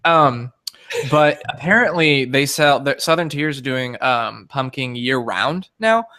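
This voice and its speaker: A man chats casually as a podcast host, his voice bright and ringing. He rambles through anecdotes with plenty of fillers and restarts. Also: medium pitch, expressive, a little slow. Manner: chatty, rambling storyteller with frequent fillers. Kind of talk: casual chat. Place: home recording setup, drinking beer on air.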